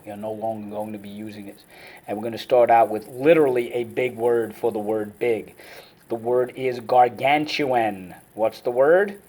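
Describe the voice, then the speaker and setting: A man teaching a vocabulary lesson, energetic and enthusiastic, leading call-and-response drills and chanting words syllable by syllable. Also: medium pitch, moderate pace.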